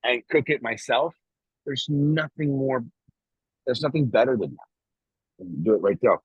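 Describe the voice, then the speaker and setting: A man's voice: mid-range voice, measured pace, husky, dry recording, highs cut off. A man co-hosting a podcast, talking in a rambling, emphatic way and swearing casually as he chats. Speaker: podcast co-host. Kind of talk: casual morning chat.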